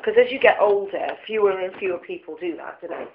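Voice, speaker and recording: A woman co-hosting a casual podcast chat, talkative and quick to laugh. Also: mid-range voice, background noise. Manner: chatty, laughs easily. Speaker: podcast co-host. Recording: roomy, dull lo-fi room sound.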